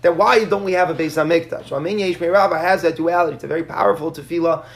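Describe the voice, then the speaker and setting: Male Talmud teacher, high voice with a gravelly edge, earnest explainer. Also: fairly even intonation, quick pace. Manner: earnest, explanatory, frequent restarts. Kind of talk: Talmud class lecture.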